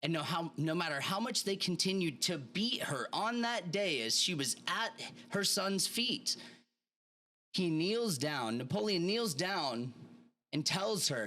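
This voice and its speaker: A man's voice: sits high, animated, a little slow, sharp tone. A man hosting a motivational podcast, telling stories casually and animatedly with plenty of slang. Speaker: podcast host. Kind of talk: motivational monologue.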